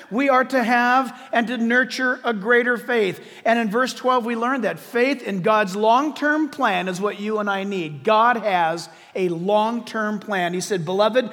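A man's voice: very high voice, a bit bright, in a large hall. A man preaching a sermon, emphatic and repeating key words for stress. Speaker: pastor.

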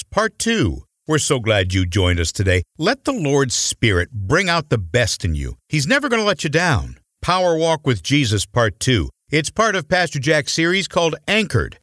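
A man reading a scripted radio announcement in a smooth, promotional delivery. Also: medium pitch, a bit bright, no room sound, clean studio sound.

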